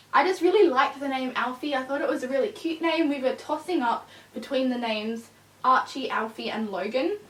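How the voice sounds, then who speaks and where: Her voice is high and a bit bright as this vlogger with a new puppy chats in a loose, rambling way, leaning on fillers and seeming slightly tired. The sound is echoey, captured on a far-off mic.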